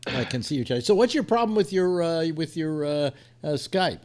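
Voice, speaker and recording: A man's voice: fairly high pitch, very animated, normal speed, darkish tone. A man hosting a live online panel show, talking casually, stumbling over words and laughing as he goes. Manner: rambling, stumbling, laughing joke-teller. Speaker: host.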